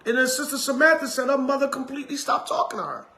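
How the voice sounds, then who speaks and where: A man's voice: extremely high pitch, lively intonation, fast talker, sharp tone. A middle-aged man, an elder preaching a sermon in an emphatic, repetitive, colloquial way.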